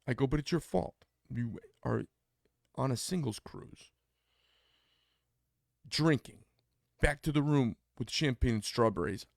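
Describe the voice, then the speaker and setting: A man's voice: medium pitch, vocal fry, dry recording, studio quality. A man co-hosting a casual podcast, telling a personal story bluntly and acting out the quoted dialogue. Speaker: podcast co-host.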